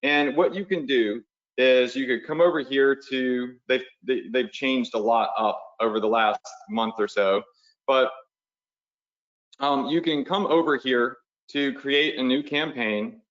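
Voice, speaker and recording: A man's voice: medium pitch, measured pace, a bit bright. Casual man coaching a live webinar. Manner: casual, talks the viewers through steps while drawing on screen; conversational, uses "y'all" and "right?". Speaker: online business coach. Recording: slightly dull lo-fi webinar audio.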